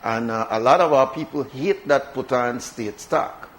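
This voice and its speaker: A man's voice: medium pitch, unhurried, low-quality recording. Belizean man hosting a radio show. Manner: conversational, emphatic with repetition. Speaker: radio talk show host. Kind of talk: casual radio chat.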